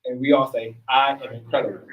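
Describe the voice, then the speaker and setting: A man's voice: mid-range voice, level tone, a little fast, distant mic, highs cut off. A man leading a group workshop as a facilitator, talking casually and upbeat and often checking in with the room. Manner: upbeat, casual, keeps checking in with "all right?". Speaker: workshop facilitator and self-help coach.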